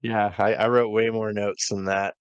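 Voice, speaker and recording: A man's voice: lowish voice, little pitch movement, moderate pace, clean tone, no echo, muffled recording. A man co-hosting a casual wrestling review podcast, talking in a laid-back way with many fillers as he reads from his notes. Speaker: podcast co-host.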